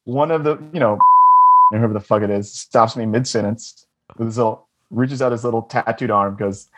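A man chatting on a podcast, spinning rambling, profane comic anecdotes and laughing often. His voice is husky, and his pitch swings widely as he gets animated. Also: normal speed. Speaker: podcast guest. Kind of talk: casual comedic storytelling.

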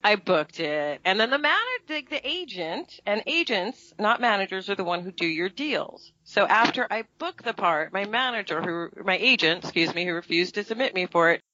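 Lively storytelling actress, bright voice. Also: female voice, moderate pace, few pauses, muffled recording. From New York. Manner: animated storytelling, acting out quotes with big pitch jumps. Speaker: actress and guest. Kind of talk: casual interview chat.

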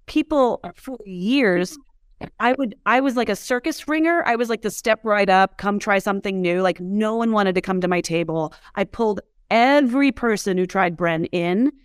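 A woman with a medium-pitched, smooth voice at normal speed tells stories as a guest in a casual interview; she founded a whiskey brand. She's chatty, uses lots of filler words and laughs while telling her stories. The recording is studio quality with no room sound.

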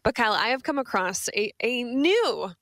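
A young woman co-hosts a radio show, talking at a slightly high pitch and spinning stories in a chatty, lively way. She starts over often, and her studio mic sounds close and dry with no room around it. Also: normal speed, no echo. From Southwestern Ontario, Canada. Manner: chatty, animated storyteller with frequent restarts. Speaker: radio co-host. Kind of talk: casual radio chat. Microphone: studio microphone.

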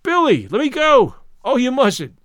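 A man reading the lines of a shy, flustered young woman in a story, raising his voice higher. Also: huge pitch swings, unhurried, fairly bright tone, dry recording, studio quality, exaggerated voice.

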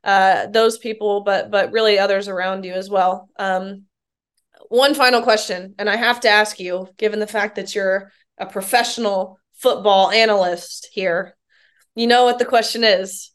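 A woman hosting an interview, responding warmly and affirmingly with frequent hesitations. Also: medium pitch, fairly even intonation, normal speed, smooth. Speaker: interview host. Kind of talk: casual interview talk.

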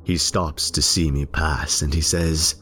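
A male narrator giving a theatrical first-person story reading, lingering on words and dropping into hushed whispers. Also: a bass voice, steady tone, measured pace, slight background noise.

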